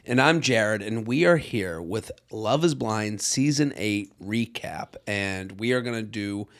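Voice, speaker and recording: A man in his thirties co-hosting a podcast, recapping a reality show in casual chat with quick, animated asides. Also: lowish voice. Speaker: podcast co-host.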